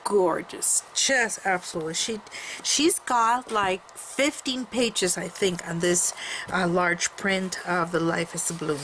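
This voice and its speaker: A woman's voice: on the low side, slow pace, fairly bright tone, slight background noise, low-quality recording. A woman casually showing off a handmade photo album at home. She rambles, restarts often, and fills gaps with fillers. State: coughing from allergies. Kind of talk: casual show-and-tell.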